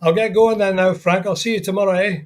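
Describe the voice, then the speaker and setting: A man's voice: high-pitched, fairly even intonation, fast. An older man chatting casually as a guest on a live stream, reminiscing and saying friendly goodbyes. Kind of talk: casual chat.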